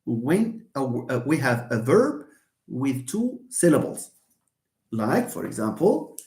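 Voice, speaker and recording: A man with a Moroccan accent, a native Moroccan Arabic speaker, lectures in a live online lesson, his pitch swinging widely as he acts out examples. He drifts between English and Arabic and laughs at his own mistaken pronunciations. The sound carries a roomy echo. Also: big pitch swings, slow, a little mellow.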